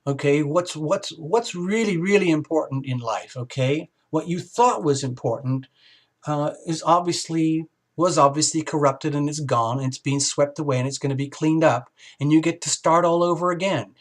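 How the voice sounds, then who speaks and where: Animated rambling male tarot reader. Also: fairly high pitch, moderate pace. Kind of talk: casual spoken tarot reading.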